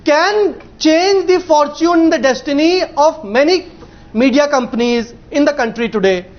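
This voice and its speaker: Argumentative Indian man, high voice. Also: measured pace. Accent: Indian English. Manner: argumentative, presses on over interruptions. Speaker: political party panelist. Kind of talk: heated TV debate argument. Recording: dull lo-fi broadcast audio.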